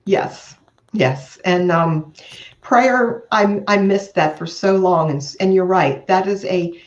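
An older woman with a lowish voice speaks in an earnest, measured way. Her audio is muffled and sounds like it bounces around a hollow room. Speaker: guest, author. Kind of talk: interview. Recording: echoey, muffled remote audio.

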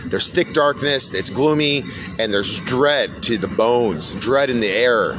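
A man's voice: medium pitch, takes it slowly, noisy background. A middle-aged man delivering an unscripted podcast sermon, blunt and profane, repeating his warnings. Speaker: podcast preacher. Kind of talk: unscripted religious monologue.

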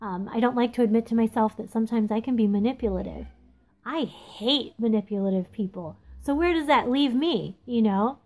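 Woman, 30s, slightly high voice, candid solo podcast musing, halting and unpolished. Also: darkish tone. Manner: candid, confessional, halting with many ums. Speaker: podcast host. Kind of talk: casual reflective monologue. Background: phone texting interruptions.

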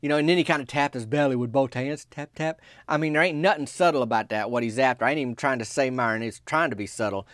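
A man telling a comic story in a rambling, deadpan, folksy way. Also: medium pitch, quick pace, few pauses, no room sound, studio quality.

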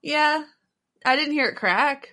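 A woman co-hosting a podcast in casual chat, playful, with quick asides. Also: sits high, sharp tone. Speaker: podcast co-host.

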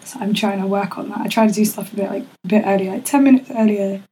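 A woman's voice: medium pitch, steady tone, fast talker, dark tone, slightly rough, poor audio. A young woman co-hosting a podcast in casual, slangy chat, laughing often and swearing freely. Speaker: podcast co-host.

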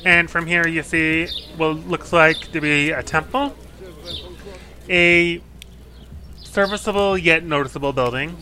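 A man's voice: on the high side, steady tone, unhurried, pauses often, pushed and bright, slight background noise. A man narrating a tabletop role-playing game as game master, describing scenes with small apologetic asides.

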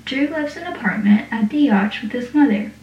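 Tipsy giggly teen girl, a woman reading her lines, highish, echoey room. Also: animated, a little fast, close to an everyday voice. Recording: echoey room, distant dull mic.

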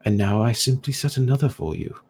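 A man voicing a scheming figure who speaks into a hero's mind, smug, patronizing and softly menacing. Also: mid-range voice, a little fast, breathy edge, voice pushed up.

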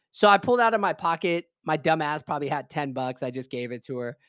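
A man telling a personal story in casual, animated, emphatic speech, swearing freely. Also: on the high side, fast talker, few pauses, no echo. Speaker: podcast host. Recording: dry close voice message.

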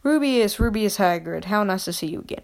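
Woman reading as a soft-spoken old wandmaker. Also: medium pitch, lively intonation, brisk, creaky. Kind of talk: reading a novel aloud.

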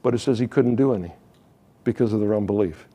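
A pastor preaching a sermon, reading scripture and retelling it with joking asides. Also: male voice, lowish voice, quick pace, warm tone.

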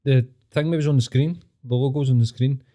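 A man's voice: mid-range voice, steady tone, a little fast, warm tone. A Scottish man hosting a podcast, telling stories in a chatty, teasing way. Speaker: podcast host. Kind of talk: casual chat.

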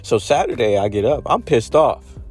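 Blunt man with a lively, swinging voice. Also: medium pitch, normal speed, faint music behind. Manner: blunt, animated storytelling with acted-out quotes. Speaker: vlogger giving dating advice. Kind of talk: casual monologue.

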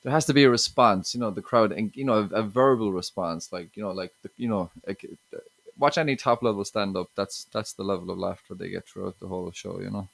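Speaking fast with vocal fry, a Limerick-born Irish stand-up appears as a podcast guest. His lowish voice is a bit bright and the recording is dry, and his casual talk keeps restarting and repeating "you know what I mean."

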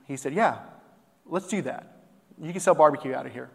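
A man's voice: on the high side, a little fast, creaky, husky. A young man from Texas, a barbecue business owner, earnestly telling a heartfelt personal story on stage with plenty of fillers. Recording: long hall reverb.

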